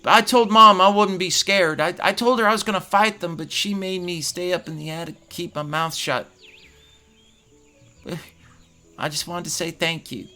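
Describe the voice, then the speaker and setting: A man's voice: high voice, pushed and bright, soft background music, voice pushed up, exaggerated voice. A man doing a shy, stammering farm boy. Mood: frightened. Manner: halting, stammering child speech.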